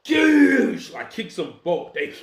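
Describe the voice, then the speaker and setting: A young man tells a made-up fan story in a loose, rambling way, full of slang and homemade sound effects. His voice sits a little high for a man. The recording is roomy and echoey, as if made in a bare room at home. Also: moderate pace, noisy background. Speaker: storyteller narrating an imagined fan scenario. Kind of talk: casual animated retelling with voiced quotes.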